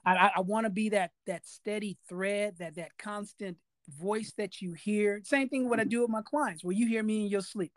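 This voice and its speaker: A man's voice: high-pitched, moderate pace, hardly any pauses, dry recording. A man hosting a podcast interview, talking emphatically in a casual way and repeating key phrases for weight. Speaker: podcast host.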